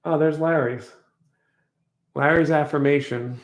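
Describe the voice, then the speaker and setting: A man telling a personal story in a casual vlog, reflective and rambling, slowly repeating affirmations. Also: a little high, steady tone, roomy sound. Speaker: vlogger.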